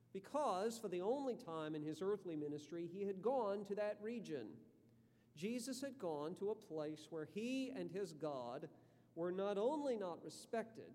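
A male pastor, preaching a measured sermon and reading scripture. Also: sits high, darkish tone. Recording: reverberant hall.

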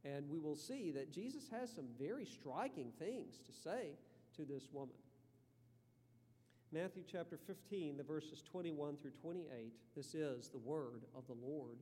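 A male pastor, preaching a measured sermon and reading scripture. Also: a little high, animated, dark tone. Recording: reverberant hall.

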